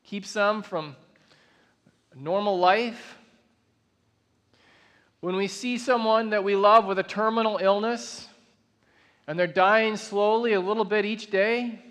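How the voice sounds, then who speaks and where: A man with a rather high voice delivers an earnest sermon, slowing into weighty, drawn-out phrases for emphasis. His words ring out with a long reverb, as in a large church auditorium. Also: fairly even intonation, fairly bright tone. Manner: earnest, builds to emphatic slow declarations. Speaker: pastor.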